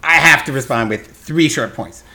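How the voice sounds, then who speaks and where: A man hosting a casual podcast chat, telling stories in an animated way and laughing often. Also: medium pitch, moderate pace. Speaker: podcast host.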